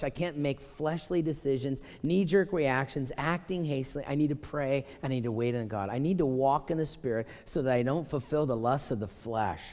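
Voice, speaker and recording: Animated pastor preaching in an echoing sanctuary. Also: male voice, mid-range voice. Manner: animated, emphatic, talks straight to the congregation. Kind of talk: conversational sermon. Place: church sanctuary. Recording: long reverb of a church sanctuary.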